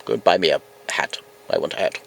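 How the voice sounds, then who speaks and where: A man voicing a grumpy, demanding male cab companion in a deep gravelly voice, bossy and indignant. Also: fast talker. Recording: distant mic, loud engine noise.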